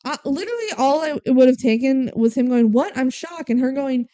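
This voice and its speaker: A young woman co-hosting a podcast, recapping a movie in casual chat and playfully mimicking the characters. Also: high-pitched. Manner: animated retelling, quick mimicking of characters. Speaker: podcast co-host.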